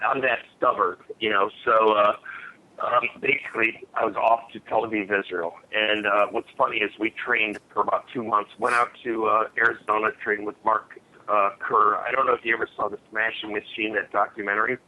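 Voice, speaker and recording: A man's voice: lowish voice, level tone, normal speed. A man in his forties, a guest telling old fight stories in a blunt, rambling way, swearing freely. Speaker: podcast guest, former fighter. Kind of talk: storytelling in a casual interview. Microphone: phone line. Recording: tinny phone line, faint hiss.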